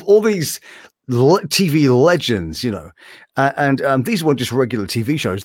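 A male voice actor talks casually in an interview, his pitch leaping around as he gets animated. His voice sits in a middle range. The sound is dry and close. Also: dry recording. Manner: animated, slips between impressions. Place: room with animation art on the walls.

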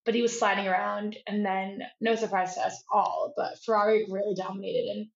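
A young woman co-hosting a casual chat, excitable and full of "like" fillers. Her voice sits in a middle register, and it comes through slightly dull and lo-fi. The room around her is noticeably echoey. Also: medium pitch, fairly quick, vocal fry. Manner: chatty, many "like" fillers, excitable. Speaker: podcast co-host.

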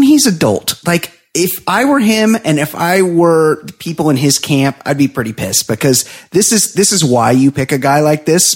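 A man's voice: fairly high pitch, slightly rough. A man co-hosting a podcast in casual chat, heated and sweary, often chiming in to agree. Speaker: podcast co-host.

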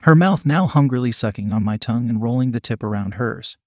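A man reading a first-person story aloud in a steady, even manner. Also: medium pitch, fairly quick, few pauses, no echo, clean studio sound. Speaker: audiobook narrator.

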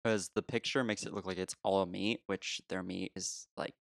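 A man's voice: low voice, steady tone, moderate pace, vocal fry, dry recording, studio quality. A man co-hosting a podcast, chatting casually and rambling with frequent laughs. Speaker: podcast co-host. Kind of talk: casual chat.

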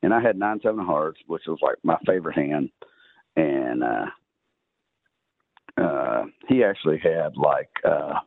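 A man's voice: extremely low pitch, lively intonation, a little slow, creaky, pauses often, slightly rough, no echo. A man with a Texan accent telling a long poker story as a podcast guest, rambling with many uhs and ums. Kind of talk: casual storytelling. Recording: dry, tinny phone-line sound.

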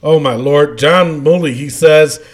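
A man's voice: a little high, unhurried. A man hosting a casual podcast, reading out listener comments and laughing often. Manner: animated, laughing often, trailing off quietly. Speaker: podcast host.

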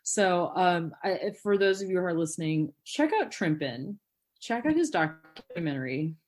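A woman's voice: on the low side, normal speed. A woman hosting a podcast in casual chat, telling stories animatedly with lots of fillers. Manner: animated storyteller, many "like" and "um" fillers. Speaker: podcast host.

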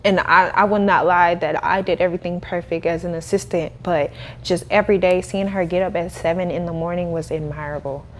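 A young adult woman, a podcast guest who runs a cleaning business, telling her story in a casual, animated way with frequent laughter. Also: lowish voice, brisk, a little hiss or hum. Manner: animated, laughing, acts out quoted voices.

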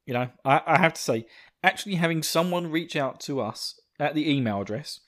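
A man's voice: a little high, animated, fairly quick, a bit bright. Laughing Essex man chatting on a podcast. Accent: Essex English. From England. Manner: chatty, self-mocking, laughs often. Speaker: podcast host. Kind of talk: casual solo podcast chat.

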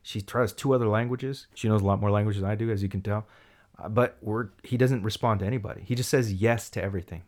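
A man in casual conversation tells a long, rambling story. He is animated and keeps slipping into quoted voices that leap in pitch and loudness. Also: quick pace. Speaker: storyteller in a chat.

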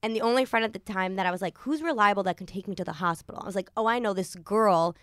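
A woman's voice: medium pitch, quick pace, fairly bright tone, no room sound, studio quality. A woman in her early twenties, a podcast host, telling a personal story in a rambling casual way, full of "like" and quoted thoughts. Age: early 20s. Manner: rambling, lots of likes and quoted inner thoughts.

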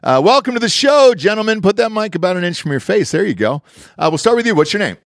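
A man's voice: sits high, very animated, fast talker, dry recording, clean studio sound. Rowdy, profane male podcast host. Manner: loud, profane, swings into hype-man shouting. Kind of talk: casual banter. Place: podcast studio. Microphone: studio mic.

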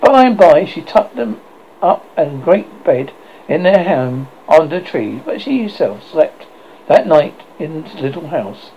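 A man reading a children's storybook aloud, with a gravelly, slightly high voice and a lively, rising and falling delivery. He often stumbles and goes back over words. The recording is dull and lo-fi, with a faint hiss of background noise. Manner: halting, self-correcting reading. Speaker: audiobook reader.

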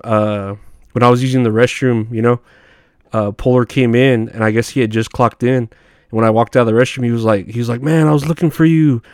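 A man's voice: medium pitch, clear, resonant tone, dry recording, clean studio sound. A man telling rambling, profane work stories in a casual monologue, often laughing at himself. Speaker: podcast host.

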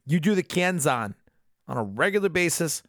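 A man voicing a fed-up fighter who scolds his rival with plenty of swearing. The voice is pitched a bit above an everyday speaking voice. The recording is close and dry. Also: sing-song, moderate pace, fairly bright tone, dry recording. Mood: exasperated. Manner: profane, scolding.

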